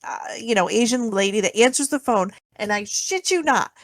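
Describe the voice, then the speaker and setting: Chatty woman with a higher voice. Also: moderate pace, no echo. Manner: rambling, lots of fillers and laughter. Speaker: podcast co-host. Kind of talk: casual chat.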